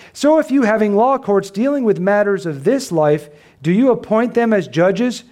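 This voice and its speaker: A man's voice: sits high, darkish tone. A pastor preaching an expository sermon, reading scripture and pressing his points with rhetorical questions.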